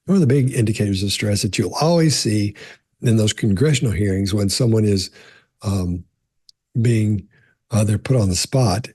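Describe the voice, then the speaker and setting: His voice lowish, a bit mellow and slightly rough, a middle-aged man explains body language casually to camera in a dry recording. He answers questions and tells stories conversationally, frequently starting over and dropping in "you know."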